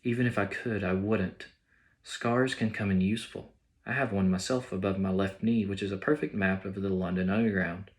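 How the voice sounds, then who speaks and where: A man voicing a wise old male wizard headmaster, calm and measured with dry humor. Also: deep voice, natural voice.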